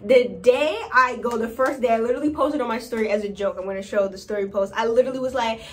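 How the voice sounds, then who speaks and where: A young woman from New York telling stories in a casual vlog, chatty and animated, acting out quotes in high squeals. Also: quick pace. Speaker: vlogger.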